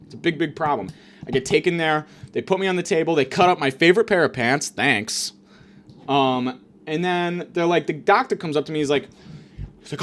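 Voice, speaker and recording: New guy ranting a crude story, bouncy pitch, keeps doing mocking voices. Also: sing-song, fast talker. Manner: profane, exasperated, mocking voices of others. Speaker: comedian telling a story. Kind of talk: stand-up storytelling.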